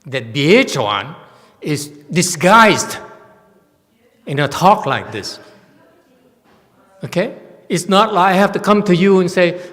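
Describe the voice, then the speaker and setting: A man's voice: sits high, big pitch swings, takes it slowly, long pauses, a bit bright. A man giving a Dharma talk to a meditation class in a temple hall, blunt, emphatic and self-mocking. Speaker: meditation teacher. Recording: long hall reverb.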